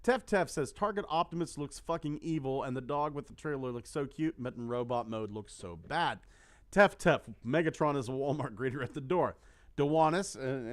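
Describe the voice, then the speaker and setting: A man's voice: mid-range voice, normal speed. A man co-hosting a casual podcast, reading out song lyrics and viewer comments and swearing freely. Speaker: co-host.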